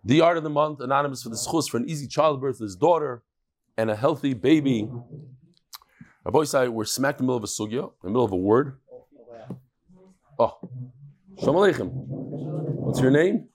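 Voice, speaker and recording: Hoarse from a cold, a man leads a relaxed daily Talmud class at an ordinary middle pitch. He keeps it chatty and easygoing, tossing quick asides to the people around him.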